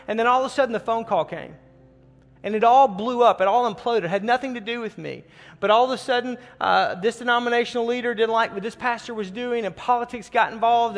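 A man's voice: high-pitched, in a large hall. A middle-aged man preaching, telling a personal story in an earnest way and often repeating words as he starts a phrase. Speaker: pastor. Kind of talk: sermon storytelling.

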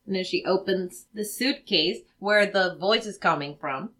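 A woman co-hosting a movie watch-along chats casually and wryly narrates the action on screen. Her mid-range voice is a bit bright and measured in pace, with slight background noise.

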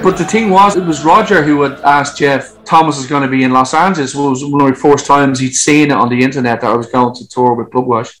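A man being interviewed about his music career, telling long stories in a lively way, laughing and swearing as he goes. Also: mid-range voice, quick pace, few pauses, rough recording. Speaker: musician guest. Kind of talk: casual anecdotal storytelling.

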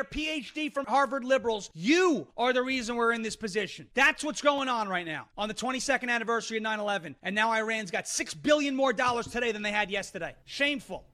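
Male host, loud ranting delivery, high bright voice, fast talker. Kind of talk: political commentary show.

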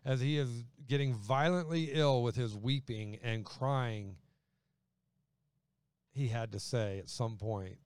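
A man's voice: mid-range voice, clean tone, no room sound. A man preaching a sermon in a conversational way, acting out quoted voices as he goes. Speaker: pastor.

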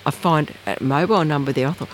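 An Australian researcher telling a story in casual, rambling talk, acting out conversations with big jumps in pitch. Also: fast talker, a little hiss or hum. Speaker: interviewee, researcher.

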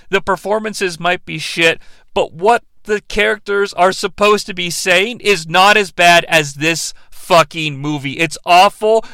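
A man's voice: high voice, pushed and bright, smooth, no room sound. A man hosting a comedic bad-movie podcast, ranting in a profane, sarcastic way. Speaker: podcast host.

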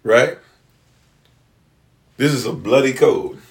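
A man's voice: medium pitch, slow pace, creaky. A man giving a lecturing livestream talk, repeating "right?" and restarting his sentences, now and then addressing viewers and a partner off-mic. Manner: repetitive, rhetorical "right?" checks, stammering restarts; talks to live chat and a partner off-mic. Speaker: livestream host.

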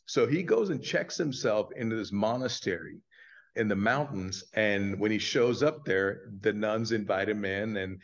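A man guest on a podcast, earnestly telling a story with lively acted quotes in a casual chat. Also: fairly low pitch, moderate pace, muffled recording. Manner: earnest, animated storyteller who acts out quotes.

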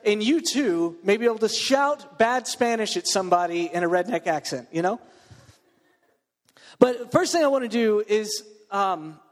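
A man from Texas gives a loose, joking sermon to a student crowd while fighting a cold, stumbling through restarts and fillers. His voice sits high for a man. It rings out with a long reverb through a large room. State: under the weather with a cold. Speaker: preacher. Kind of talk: casual sermon to a student group.

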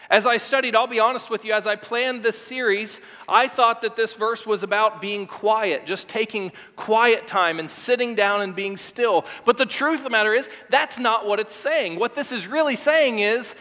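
Male pastor, sermon, emphatic, stumbles and repeats, bright tense tone, church sanctuary. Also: sits high. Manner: emphatic, repeats words, shifts from fast asides to slow stressed lines. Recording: long hall reverb.

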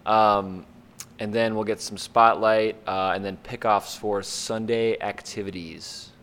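A man's voice: on the low side, fairly even intonation, measured pace, a bit bright. A man hosting a casual sports podcast, upbeat, loose and chatty. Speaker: podcast host.

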